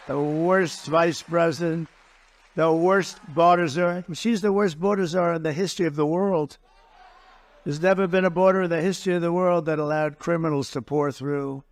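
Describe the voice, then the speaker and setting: A man's voice: a little high, fairly even intonation, normal speed. A man speaking as a political candidate at a campaign rally, blunt and mocking, repeating his points and boasting in asides to the crowd.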